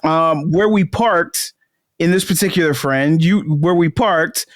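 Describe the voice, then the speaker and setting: A woman's voice: on the low side, unhurried, no room sound, studio quality. A woman co-hosting a casual chat podcast, telling a story with lots of laughter and acted-out quotes. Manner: animated storyteller, laughs often, acts out quotes. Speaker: podcast co-host.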